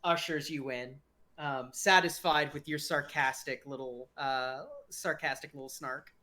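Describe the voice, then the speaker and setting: Laid-back, slow-talking game master. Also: male voice, mid-range voice. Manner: relaxed, rambling, full of fillers. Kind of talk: narrating a tabletop game.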